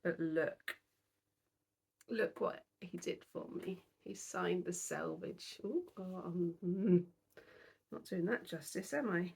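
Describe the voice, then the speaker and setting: Young british woman, husky, lowish voice, sleepy, self-deprecating chat. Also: takes it slowly. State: tired, yawning. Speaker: cross-stitch vlogger. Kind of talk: casual chat to camera.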